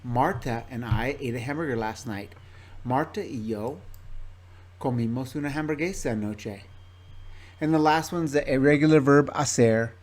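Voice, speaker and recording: Male teacher, mid-pitched, patient, spells out word lists clearly for a class. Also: moderate pace, a little mellow. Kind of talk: recorded classroom presentation. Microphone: own microphone in front of him.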